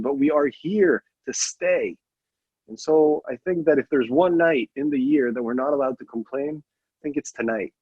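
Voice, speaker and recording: A man's voice: a little high, a little mellow, slightly rough, dry recording, muffled recording. Earnest man telling a family story. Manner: earnest, with frequent restarts and emphatic quotes. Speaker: speaker at a memorial program. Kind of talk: personal storytelling.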